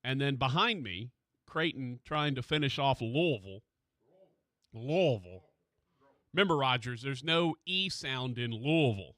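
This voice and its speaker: A man hosting a sports radio show in a studio, chatting casually and excitedly about college basketball. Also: medium pitch, moderate pace, no echo.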